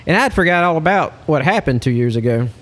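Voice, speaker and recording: A man, a hunting lodge guide, telling a story in a casual, animated way. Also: a little high, fast. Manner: animated storyteller, Southern-style speech.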